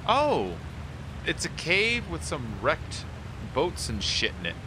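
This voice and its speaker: A man streaming a game, chatting casually with a teammate in a playful, animated way and swearing freely. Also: on the high side, takes it slowly, background noise. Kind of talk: casual gameplay commentary.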